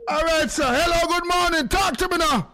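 A man with a Jamaican accent hosting a lively call-in radio show, talking in patois and breaking into sung lines. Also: extremely high pitch, brisk, a little hiss or hum.

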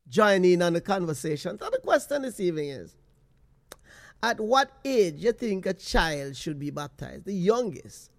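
A man hosting a talk radio call-in show, asking slow, probing questions. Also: sits high.

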